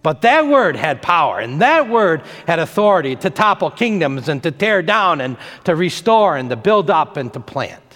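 A pastor preaching a sermon, emphatic and fond of repeating phrases for effect. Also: male voice, fairly high pitch, very animated, moderate pace, few pauses, a bit bright, big-room sound.

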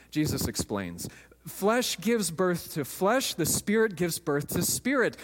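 A man's voice: high-pitched, big-room sound. A man, a pastor, preaching a sermon with emphatic storytelling in a church.

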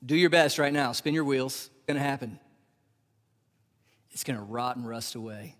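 A man in his thirties preaching a sermon. He swings from loud, rising emphasis to hushed, drawn-out near-whispers. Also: mid-range voice. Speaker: pastor. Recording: live sermon with long hall reverb.

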